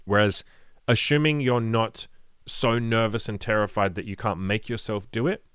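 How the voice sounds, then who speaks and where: A man's voice: on the low side, steady tone, moderate pace, fairly bright tone, clean tone, no echo, studio quality. A man coaching on dating in a casual monologue, blunt and profane, rambling with lots of "like" and speaking frankly. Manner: frank, matter-of-fact delivery.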